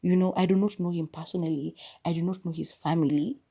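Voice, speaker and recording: A woman's voice: lowish voice, fairly even intonation, quick pace, warm tone, slightly rough. A young woman, hosting a podcast and chatting expressively through a casual movie review. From Kenya. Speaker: podcast host.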